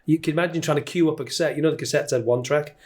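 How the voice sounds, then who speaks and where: A man's voice: fairly high pitch, very fast, darkish tone. A middle-aged man from the Isle of Man with a Manx accent, a guest commentator chatting in an interview and telling anecdotes with little put-on voices. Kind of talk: casual interview chat.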